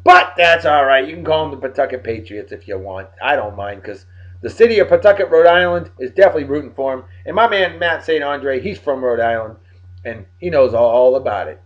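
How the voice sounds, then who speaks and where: A tired man giving joking, animated shout-outs to friends in a casual vlog. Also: medium pitch, fairly quick. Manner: animated, joking sports banter. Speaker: vlog host. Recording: dull lo-fi recording.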